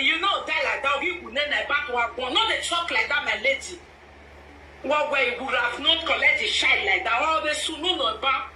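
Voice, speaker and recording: A Nigerian woman giving animated, emphatic commentary in casual pidgin, sometimes chanting. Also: high voice, normal speed. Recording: echoey room, from a distance, faint noise.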